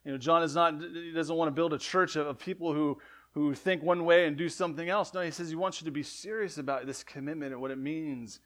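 A man preaching a sermon in a conversational way, often asking "right?", correcting himself, and swinging between loud emphatic lines and quiet ones. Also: fairly high pitch, fairly even intonation, a little fast. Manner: conversational, frequent "right?" asides and self-corrections. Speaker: pastor.

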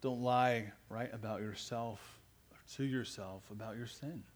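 A man's voice: medium pitch, steady tone, unhurried. Earnest man preaching a sermon. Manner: earnest, rising to emphatic. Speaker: pastor.

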